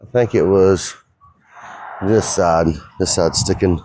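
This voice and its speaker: A man's voice: deep voice, steady tone, slow pace, a little mellow, a little hiss or hum. A middle-aged man, the owner of a fabrication shop, talking casually in a rambling, folksy way as he works. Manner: easygoing, rambling, folksy talk.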